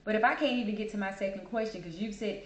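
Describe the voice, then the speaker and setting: Woman host, casual monologue, animated and repetitive, roomy echo. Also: mid-range voice, quick pace. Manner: chatty, animated, repeats herself, calls listeners "baby". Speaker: podcast host. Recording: echoey room.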